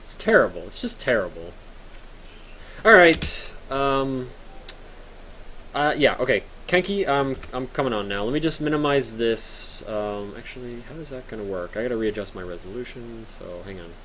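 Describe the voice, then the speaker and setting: A man's voice: medium pitch, animated, normal speed, a bit bright, low-quality recording. A young man chats casually while streaming a game at home, rambling from joke to joke and answering his viewers. His voice sits in a middling range. A faint hiss of background noise runs under the recording. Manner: rambling, joking, reads chat aloud. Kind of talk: casual live-stream chat while gaming.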